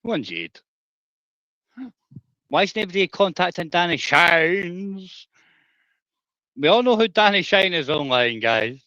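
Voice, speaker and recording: A man's voice: high voice, lively intonation, slow pace, pauses often, bright, forceful tone, no echo. Man, livestream rant, conspiratorial, dull dry audio. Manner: rambling, conspiratorial, crude.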